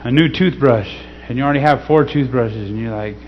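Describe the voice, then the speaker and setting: A man reading scripture slowly and teaching in a casual way, often checking in with "okay?". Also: medium pitch. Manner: slow, deliberate scripture reading. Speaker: pastor. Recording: slightly dull recording with faint hum.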